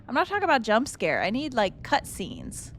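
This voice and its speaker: Her pitch is fairly high and swoops wildly, at normal speed, with a slightly bright tone and a little hiss or hum. The young woman is streaming a horror game over faint music, joking and cursing bluntly in casual commentary.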